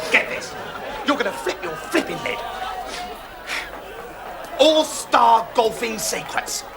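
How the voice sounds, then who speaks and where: An actor playing a vain, desperate male TV entertainer with a pompous, excitable manner in a sitcom. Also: very high-pitched, takes it slowly, gravelly, a crowd in the background, noisy background, full character voice. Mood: boastful. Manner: pompous, excitable, prone to shouting. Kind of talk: studio sitcom acting. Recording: studio audience laughter behind.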